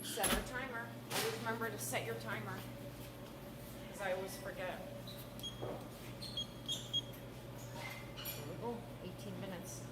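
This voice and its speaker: A Canadian woman walks through a recipe step by step, friendly and casual, like a shop owner at home in her own kitchen. The sound is echoey and roomy, with loud noise behind her. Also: medium pitch, a little slow, pauses often. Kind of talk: casual cooking demonstration.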